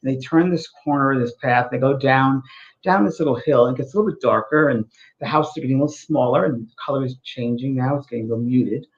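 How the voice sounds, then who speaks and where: A man's voice: medium pitch, fast talker. A male co-host speaking in an earnest, storytelling way, repeating his points for emphasis in a casual spiritual talk show. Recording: dull, lo-fi sound.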